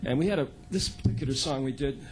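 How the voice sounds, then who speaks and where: A man's voice: medium pitch, fast, darkish tone, faint music behind. A man in his sixties, a folk singer telling loose, chatty stories from a club stage and chuckling at his own anecdotes. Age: 60s. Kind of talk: onstage storytelling monologue.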